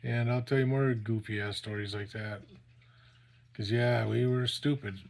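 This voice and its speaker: A middle-aged man with an ordinary, mid-pitched voice spins a yarn from his past in a loose, rambling way. He swears freely and leans on fillers as he goes. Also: steady tone, unhurried, vocal fry, darkish tone. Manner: rambling and profane, full of fillers. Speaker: storyteller. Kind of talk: casual storytelling.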